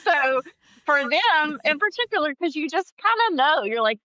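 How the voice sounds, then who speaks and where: A woman talking casually as a podcast guest, chatty and quick to laugh, with lots of "like" in her speech. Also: high voice, big pitch swings, pushed and bright, no echo, dull audio. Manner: chatty, laughs often, fillers like "like". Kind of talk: casual chat.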